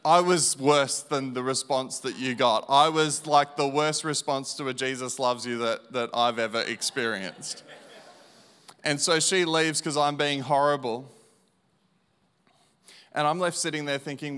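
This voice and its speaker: Man, preacher, sermon testimony, emphatic repetition, hushed to loud, medium pitch. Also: fairly even intonation, measured pace, clear, resonant tone.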